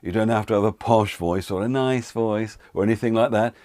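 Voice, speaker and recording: A man's voice: lowish voice, brisk, a little mellow, no echo, clean studio sound. A man, a voiceover artist teaching an online course in a chatty, encouraging way that speaks straight to the viewer. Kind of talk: casual online course talk.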